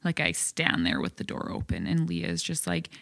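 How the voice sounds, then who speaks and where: A woman's voice: extremely low pitch, big pitch swings, moderate pace, creaky, fairly bright tone, no echo, studio quality. A woman guest recounting events in a hesitant way, with frequent fillers. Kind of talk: casual recounting.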